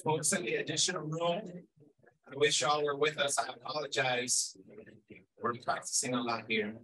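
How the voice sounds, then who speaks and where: Bright-voiced man leading a crowd. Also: fairly high pitch, normal speed, far from the mic, low-quality recording. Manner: energetic, playful, calls to the crowd. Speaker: workshop facilitator. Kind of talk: leading a group activity. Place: large event hall.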